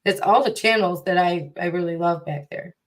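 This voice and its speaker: A woman's voice: lowish voice, normal speed. A woman from the Chicago area with a Chicago accent, chatting and joking as a co-host on a casual livestream.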